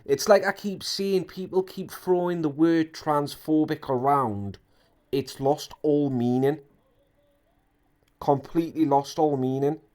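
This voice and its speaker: A man's voice: fairly high pitch, slow pace, a little mellow. A man delivers heated commentary on internet drama in a slightly raised register. He hammers his points with repetition and indignant emphasis. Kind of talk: ranting commentary.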